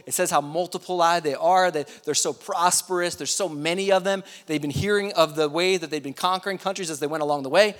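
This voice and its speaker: A man preaching a sermon, retelling a Bible story in a casual, animated way with slangy asides. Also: on the high side, brisk, hardly any pauses, big-room sound.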